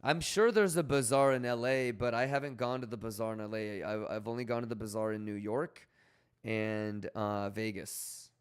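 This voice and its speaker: A young man live-streaming in a loose, rambling way, chatting casually and shouting out viewers by name. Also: lowish voice, fairly even intonation, moderate pace, smooth. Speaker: livestreamer.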